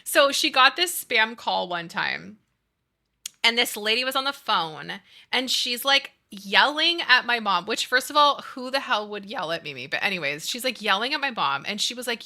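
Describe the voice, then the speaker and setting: A woman in her thirties chatting casually with her live stream audience, telling stories with lots of laughter and excitable energy. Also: fairly high pitch, moderate pace. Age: 30s. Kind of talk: casual chat while playing a game.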